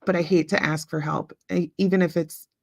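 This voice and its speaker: Chatty woman with a gravelly voice. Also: on the low side, fairly even intonation, brisk, no room sound, clean studio sound. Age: late 30s. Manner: chatty, reads out viewer comments, frequent ums. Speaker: livestream host. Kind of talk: casual chat with live viewers.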